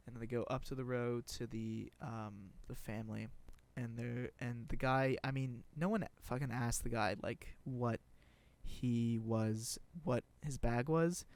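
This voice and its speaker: A man's voice: medium pitch, moderate pace, creaky, a little mellow. Young guy ranting casually, sarcastic and sweary, keeps tripping over his words. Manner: rambling, profane, sarcastic, with many restarts and fillers. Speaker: video creator. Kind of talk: casual rambling commentary.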